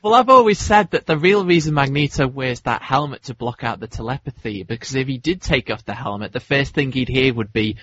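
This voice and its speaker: A man's voice: medium pitch, lively intonation, a little fast, few pauses, fairly bright tone, slight background noise. A man hosting a podcast, chatting casually, joking and laughing often. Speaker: podcast host. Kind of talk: casual chat. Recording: dull lo-fi sound.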